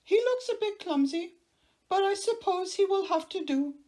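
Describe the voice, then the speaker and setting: Storybook casting: woman playing a lofty young prince, high and carrying. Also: animated, moderate pace, a little mellow.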